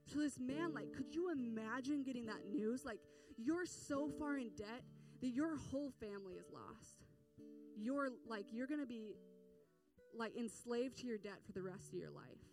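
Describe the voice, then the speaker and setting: A woman with a fairly high voice preaches in an easygoing, chatty storytelling manner. She is heard from some distance off the mic, with soft guitar music playing behind her. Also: expressive, moderate pace. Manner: casual storytelling with fillers. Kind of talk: sermon.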